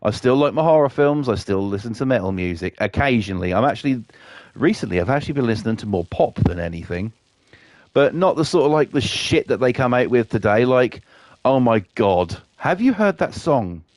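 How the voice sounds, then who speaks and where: A man's voice: mid-range voice, sing-song, brisk, darkish tone, no room sound. A British man chatting casually on his live stream, rambling and swearing a lot.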